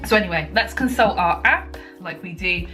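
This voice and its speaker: A woman's voice: on the low side, animated, normal speed, bright, forceful tone, faint music behind. A young woman chatting casually to camera at home, a little out of breath, rambling with lots of ums and likes. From United Kingdom. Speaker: vlogger. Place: at home, indoors.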